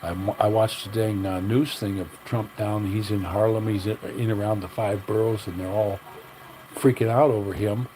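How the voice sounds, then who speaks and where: Older male livestream host, low voice, blunt rambling rant, faint engine hum behind. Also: steady tone, moderate pace, dark tone, low-quality recording.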